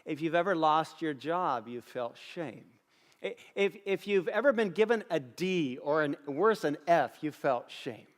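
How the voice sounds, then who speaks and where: A middle-aged man preaches with an earnest, storytelling manner, his voice sitting a bit higher than most men's. His words ring out through a large hall with a long reverb. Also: expressive, unhurried. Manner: earnest, storytelling with repeated phrases. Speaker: pastor. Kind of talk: sermon. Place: church auditorium.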